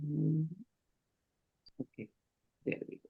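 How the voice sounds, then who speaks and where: A woman with an Indian English accent, leading a healthcare communication training session in a measured, explanatory way and often asking the group questions. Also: low voice, fairly even intonation, creaky, narrow, tinny audio. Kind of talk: online training lecture.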